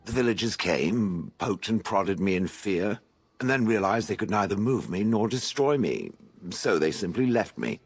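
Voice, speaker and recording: Posh, haughty stone golem. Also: male voice, on the low side, animated, moderate pace, breathy edge. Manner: posh, refers to others as "it". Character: haughty male stone golem, aloof and dry. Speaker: game character. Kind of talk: voiced game dialogue.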